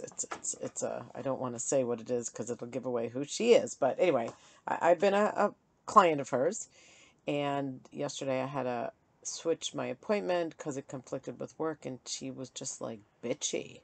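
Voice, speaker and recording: A woman's voice: very deep voice, gravelly. A middle-aged woman hosting her own vlog, chatting candidly and self-deprecatingly, laughing often. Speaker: vlog host.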